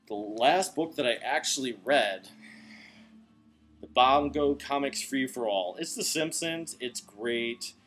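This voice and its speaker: A man's voice: medium pitch, fairly bright tone. A man who runs a comic shop, reviewing comics in a chatty, rambling way late at night, tired but enthusiastic. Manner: chatty, enthusiastic, goes off on tangents.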